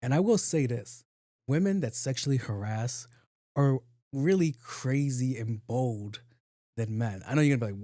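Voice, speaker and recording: A man hosting his own podcast, telling a story alone in a lively way and acting out the people in it. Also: medium pitch, normal speed, dry recording, clean studio sound. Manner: animated storytelling, acts out quoted voices. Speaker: podcast host. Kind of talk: casual solo podcast monologue. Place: home studio, on camera.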